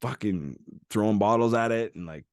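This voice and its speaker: A man's voice: fairly low pitch, normal speed, a little mellow, dry recording, studio quality. A man hosting an unscripted chat, telling a story with lots of swearing and acting out what people said. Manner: storytelling, profane, acts out quoted voices. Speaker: podcast host.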